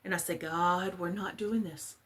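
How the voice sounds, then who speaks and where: Slow-talking husky woman. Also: fairly low pitch, fairly even intonation, a bit bright. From Texas. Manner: chatty, rambling, self-deprecating. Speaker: crafting vlogger. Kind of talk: casual chat while crafting.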